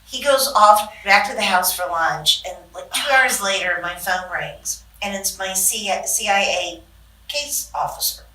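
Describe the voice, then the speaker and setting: An older woman, a guest on an interview show, telling stories in a lively way and acting out the people she quotes. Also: medium pitch, measured pace. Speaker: interview guest, longtime aide. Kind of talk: anecdotal storytelling in conversation. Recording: echoey room, distant mic.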